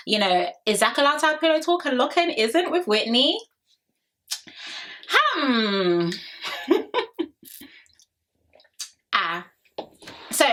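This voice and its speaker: Young woman, sassy reality TV recap vlogger, bright tone, casual chat straight to viewers. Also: mid-range voice. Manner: sassy, opinionated, addresses viewers directly. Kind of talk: casual chatty commentary.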